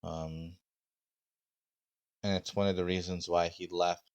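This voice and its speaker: A man with a very deep voice runs a tabletop game on his stream. He speaks slowly and haltingly, filling pauses with ums and uhs, on a dry, close mic. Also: little pitch movement, no room sound. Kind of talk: casual game mastering on stream.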